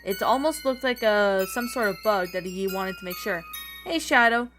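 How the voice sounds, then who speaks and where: A woman narrating a story in a plain, steady reading voice with small slips. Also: medium pitch, moderate pace. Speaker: story reader. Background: background music.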